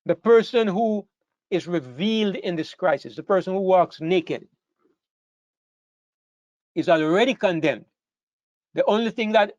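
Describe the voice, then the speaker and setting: A man's voice: fairly high pitch, darkish tone, no room sound. Earnest male preacher, dull dry sound. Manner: earnest, repeats phrases, rises to emphatic peaks. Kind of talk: sermon to a congregation. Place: church hall with a live congregation.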